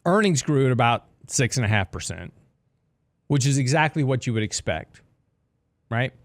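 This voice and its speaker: A man's voice: medium pitch, expressive, moderate pace, no room sound. A man hosting a finance talk show, explaining markets in a chatty way with joking asides on a studio mic. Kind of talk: radio talk commentary.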